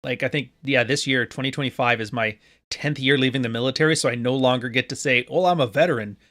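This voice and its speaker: A Canadian man in his late thirties hosts a podcast, talking fast in a medium-pitched, steady, sharp voice. It's loose, joking live-stream talk aimed at his chat audience, with plenty of free swearing.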